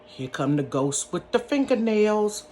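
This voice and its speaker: A woman telling a personal story in a casual, animated, folksy way, calling her listeners honey and y'all. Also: mid-range voice, a little slow, a little hiss or hum. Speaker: storyteller, channel host. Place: bedroom.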